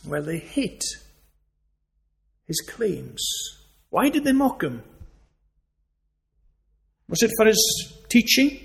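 A man's voice: sits high, sing-song, takes it slowly, creaky, long pauses, fairly bright tone. A man preaching a sermon, earnest and emphatic, asking rhetorical questions.

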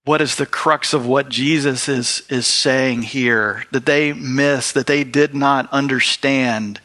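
A man's voice: medium pitch, fairly even intonation, slow pace, sharp tone. A man preaching a sermon in an earnest way, reading scripture and acting out the people in it. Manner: earnest, acts out quoted voices.

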